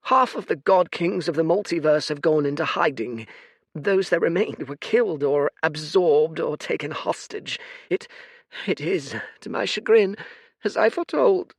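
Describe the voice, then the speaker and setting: Man putting on a tired, teary old seer: high, quavering croak, dry close sound. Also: measured pace, dry recording. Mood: weary, sorrowful. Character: old weary male seer, teary and sorrowful.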